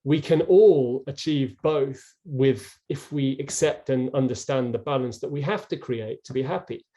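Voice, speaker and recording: This middle-aged man, once a rower, speaks warmly at a measured pace in a medium-pitched voice. He's an interview guest on a video call, earnestly telling his story with many restarts.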